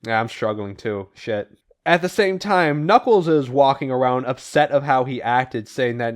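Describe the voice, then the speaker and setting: A man's voice: medium pitch, normal speed. A man hosting a casual podcast and recapping comic plots, swearing and laughing as he goes. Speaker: podcast host.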